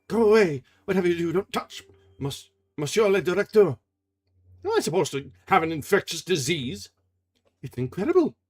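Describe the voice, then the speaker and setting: Man playing a frantic, indignant male theatre secretary, fairly high voice, storybook reading. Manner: exclamatory, indignant.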